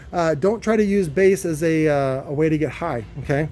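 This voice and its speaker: A man's voice: a little high, normal speed, a little mellow. A man in his warehouse workshop, rambling in a casual vlog rant, swearing freely and full of fillers and restarts. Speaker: car audio subwoofer builder.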